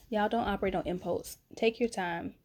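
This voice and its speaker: A young adult woman from North Carolina, telling a story in a casual vlog and calling her viewers honey and baby. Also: medium pitch. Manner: chatty, animated, uses pet names like honey and baby. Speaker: vlogger. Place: at home, late at night.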